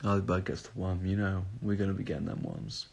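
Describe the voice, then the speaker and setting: On a casual phone live stream, a worn-out young man reads out chat comments and answers them at a quick pace, rambling, drifting off topic, and swearing now and then. He's up at odd hours, and his low, gravelly, husky voice has fairly even intonation and a darkish tone.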